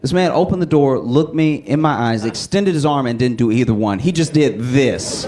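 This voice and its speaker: A male stand-up comedian telling a story in an animated, incredulous way. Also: medium pitch, moderate pace, hardly any pauses, a crowd in the background. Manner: animated, incredulous, exaggerated retelling. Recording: echoey hall with background noise.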